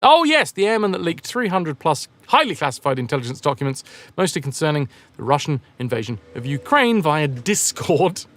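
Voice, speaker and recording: A man streams a game and chats with his viewers in a loose, joking, rambling way. His voice sits a little high for a man and swings widely up and down as he talks. The sound is close and dry, with no room around it. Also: fairly bright tone, no room sound. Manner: jokey, rambling, reads and answers chat. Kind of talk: casual live-stream chat with viewers.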